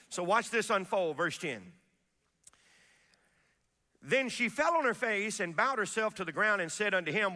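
Animated preacher man, bright and echoing. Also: sits high, normal speed. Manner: animated preaching with folksy asides and call-outs to the congregation. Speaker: pastor. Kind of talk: sermon.

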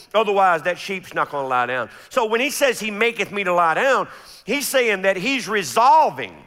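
A man preaching a sermon as pastor, stumbling over repeated words and drawing out scripture readings slowly. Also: sits high, sharp tone, in a large hall.

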